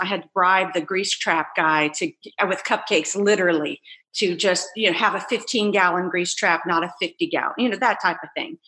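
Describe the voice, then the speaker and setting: A woman entrepreneur telling her story in a casual interview, animated and laughing as she acts out quoted voices. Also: on the low side. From United States. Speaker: entrepreneur guest.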